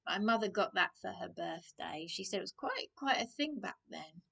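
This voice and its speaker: A middle-aged woman from England, delivering a rambling rant to camera, halting with many restarts and dropping into hushed asides. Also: medium pitch, expressive, vocal fry, husky. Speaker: vlogger.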